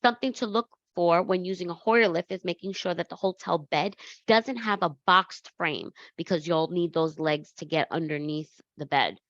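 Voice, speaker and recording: A woman's voice: on the low side, moderate pace, a bit bright, no echo, muffled recording. New woman presenting slides. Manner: conversational, with self-corrections. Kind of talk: slide presentation on accessible travel.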